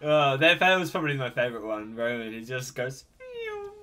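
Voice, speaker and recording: A man hosting a casual reaction video, excitable and full of exclamations, laughing often. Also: medium pitch, fairly quick, faint music behind.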